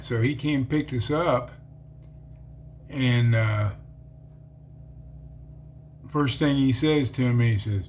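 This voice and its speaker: A man's voice: mid-range voice, slow, pauses often, slight background noise. A man who is an ex-convict telling his conversion story in a casual, rambling way full of fillers. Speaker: ex-convict giving a conversion testimony.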